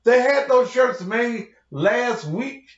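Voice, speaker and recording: A man's voice: very high-pitched, lively intonation, slow. A man who is a pastor, delivering a heated, confrontational rant full of cursing to his online audience. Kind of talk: profane livestream rant. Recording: roomy, dull lo-fi sound.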